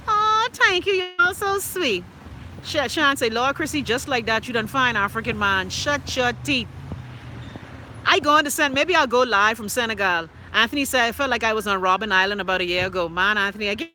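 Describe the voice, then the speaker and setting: A woman hosts a casual live stream from a city street and reads her viewers' comments aloud. She teases and banters with them in an animated way. Her voice is piercingly bright and tense, with faint street noise behind her. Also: fairly high pitch, fairly quick, poor audio. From Bahamas. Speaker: livestream host reading viewer comments.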